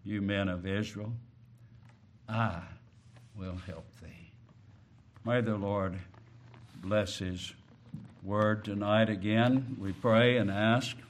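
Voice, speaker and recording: A male preacher delivering a sermon, slow and deliberate, swinging from quiet low phrases to loud emphatic peaks on key words. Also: steady tone, a little hiss or hum.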